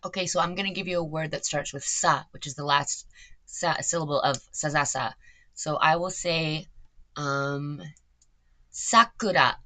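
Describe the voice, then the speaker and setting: Brief: young woman, low bright voice, loose rambling talk, frequent swearing. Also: fairly even intonation, moderate pace. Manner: rambling and swearing a lot, with many fillers. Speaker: content creator. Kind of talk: casual chat.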